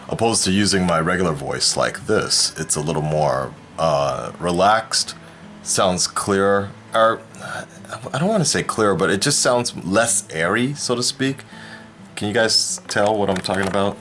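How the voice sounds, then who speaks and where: A man's voice: low voice, lively intonation, measured pace, a bit bright, slight background noise. A man hosting his own vlog in casual chat, projecting his voice toward a camera mic some distance away and rambling with lots of fillers and restarts. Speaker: YouTube reaction host.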